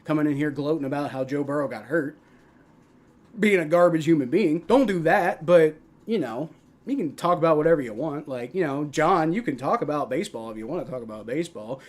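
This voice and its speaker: A young man hosting a live football stream, mixing play-by-play calls with casual, profane replies to his chat, loud on big plays and mumbling in between. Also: a little high, animated, a little fast. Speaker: livestream host doing play-by-play.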